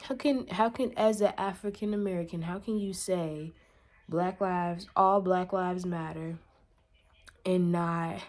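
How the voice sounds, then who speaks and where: A woman's voice: medium pitch, measured pace, a little mellow. A woman vlogger in a casual rant to camera, exasperated and emphatic, lecturing her viewers.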